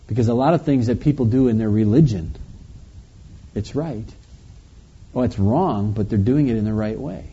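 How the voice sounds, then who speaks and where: Dark husky man teaching the Bible. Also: medium pitch. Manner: reads scripture slowly then comments conversationally. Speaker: pastor. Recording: dull lo-fi recording.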